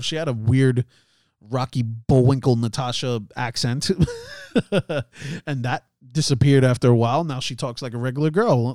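A man's voice: medium pitch, a little mellow. A man hosts a laid-back solo commentary in an ordinary mid-range voice. He rambles, stumbles over words and laughs at his own slips. The sound is dry and close, with no room echo. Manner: chatty, laughs at himself, many fillers and restarts. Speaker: podcast host.

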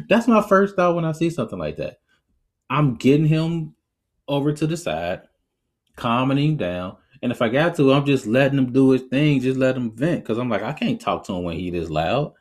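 A man in the middle pitch range talks through his opinions as a podcast host. His delivery is casual and animated. He laughs easily and drifts into acting out little quotes. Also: normal speed. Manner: conversational, reflective.

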